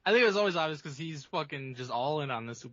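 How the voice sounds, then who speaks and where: Blunt, argumentative podcast co-host. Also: male voice, a little high, expressive, fast, bright, forceful tone, dry recording, dull audio. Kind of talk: casual wrestling review chat.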